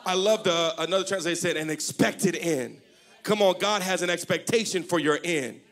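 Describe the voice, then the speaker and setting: In a church service, a man with a high-pitched voice preaches at a moderate pace. As pastor, he jokes with the congregation, calls for their responses, and works his way up to shouting.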